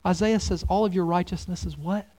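A man preaching a sermon as pastor, swinging between loud exclamations and hushed, near-whispered lines. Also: sits high, animated, moderate pace.

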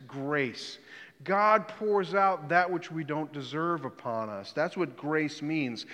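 A middle-aged man preaching a sermon as a pastor, earnest and emphatic, often dropping to a quiet, low voice to stress a point. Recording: long reverb of a large hall.

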